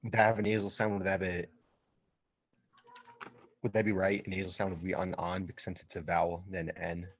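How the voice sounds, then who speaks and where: A male student asks his teacher a question, halting and tentative as he works it out. His voice is very low. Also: flat delivery, slight background noise, rough recording. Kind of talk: asking a question in class.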